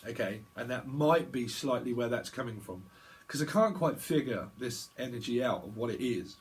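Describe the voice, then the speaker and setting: A man giving a rambling psychic tarot reading, chatty and digressive, laughing often. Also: mid-range voice. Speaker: tarot reader.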